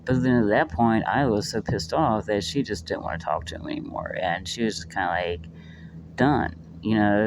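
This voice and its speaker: A man's voice: on the low side, moderate pace, background noise. A man giving a casual spoken book review, rambling with lots of fillers, swearing freely and getting worked up.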